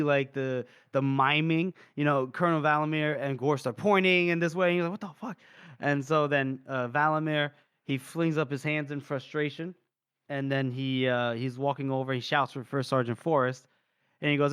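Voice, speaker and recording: A man's voice: a little high, fairly bright tone, clean tone, dry recording. A young man co-hosting a podcast, animatedly retelling a book chapter in casual chat and briefly acting out the characters' lines. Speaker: podcast co-host.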